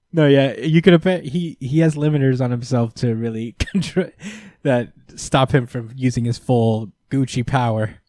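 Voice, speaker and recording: A man's voice: medium pitch, measured pace, darkish tone, no echo, studio quality. A man hosting a podcast in casual chat, easygoing and agreeable, with lots of fillers. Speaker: podcast host.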